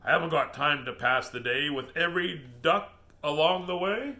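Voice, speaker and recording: A man voicing a rude, boastful dump truck from a children's storybook, talking slowly and self-importantly. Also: on the high side, pushed and bright. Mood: pompous.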